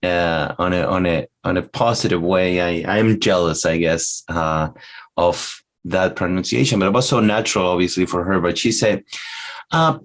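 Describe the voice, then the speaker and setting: Argentine Spanish accent, native Spanish speaker, man, lowish voice, earnest halting chat. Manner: earnest, halting, many restarts. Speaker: podcast co-host. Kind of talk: casual chat.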